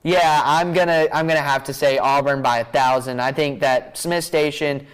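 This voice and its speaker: A young man hosting a high school football picks show in a chatty way, saying y'all and laughing easily. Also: steady tone, normal speed, clear, resonant tone, rough recording. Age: young adult. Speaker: student broadcast host.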